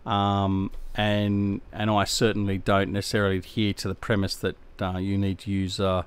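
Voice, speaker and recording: Laid-back Australian man, smooth voice. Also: lowish voice, completely flat delivery, moderate pace. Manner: laid-back, rambling, slangy. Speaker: game live-streamer. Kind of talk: casual live-stream chat, replying to viewers.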